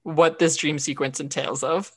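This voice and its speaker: A woman's voice: low-pitched, fairly even intonation, moderate pace, husky. A woman co-hosting a podcast, recapping an episode in casual chat with lots of fillers and restarts. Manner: chatty, frequent fillers and restarts. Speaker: podcast co-host.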